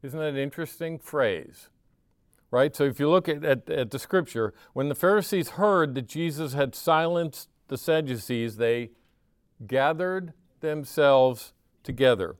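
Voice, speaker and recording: An older man preaching a sermon, lively and conversational, often asking his listeners "right?" and briefly acting out voices he quotes. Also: on the high side, unhurried, clean tone, no room sound, studio quality. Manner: animated, asks the audience "right?" often, acts out quoted voices. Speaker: pastor.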